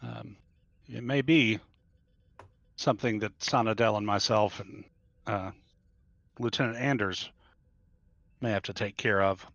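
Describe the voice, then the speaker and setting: A man's voice: fairly low pitch, fairly even intonation, a little slow, creaky, long pauses, fairly bright tone, no room sound, dull audio. Hesitant man playing a starship captain. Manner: hesitant, many "uh"s while giving orders. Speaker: tabletop game player as starship captain. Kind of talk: tabletop role-play in character.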